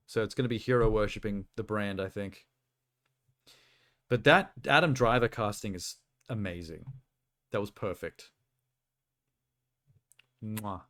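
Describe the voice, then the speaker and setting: A man's voice: on the low side, a bit bright. A man casually chatting on a live stream, reacting to trailers with fillers and laughs. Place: home streaming setup.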